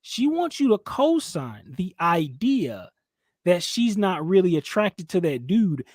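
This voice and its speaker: A man hosts a podcast, and his talking voice sits high. He preaches and lectures with heavy emphasis, and he mocks people in squeaky put-on voices. The sound is close and dry. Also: big pitch swings, slow pace, darkish tone, no echo. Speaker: channel host. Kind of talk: heated commentary chat.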